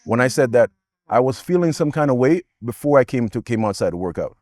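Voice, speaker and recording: A man's voice: mid-range voice, expressive, brisk, darkish tone, dry recording. A man co-hosting a couples podcast in casual chat, cutting in and repeating himself to get a word in. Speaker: podcast co-host.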